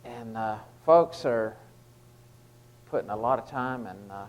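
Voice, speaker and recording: Man giving a casual, halting devotional. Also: lowish voice, rough recording. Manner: conversational, with frequent fillers and restarts. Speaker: lay preacher giving a short devotional. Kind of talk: informal devotional talk.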